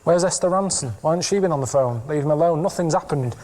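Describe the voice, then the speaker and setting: A man, telling stories in a deadpan, rambling, plainspoken way in a TV interview. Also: on the high side, fast. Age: 30s.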